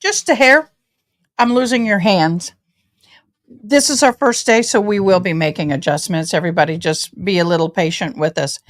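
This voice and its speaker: A woman's voice: lowish voice, a little fast. A woman hosting a casual livestream, bubbly and effusive, greeting viewers as y'all. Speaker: host of a legal news channel.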